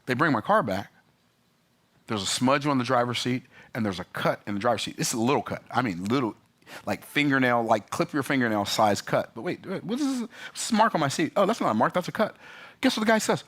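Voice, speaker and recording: Exasperated man ranting, bright voice. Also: medium pitch, expressive, fairly quick. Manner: exasperated, emphatic, sarcastic asides. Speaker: business vlogger. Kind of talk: animated storytelling rant.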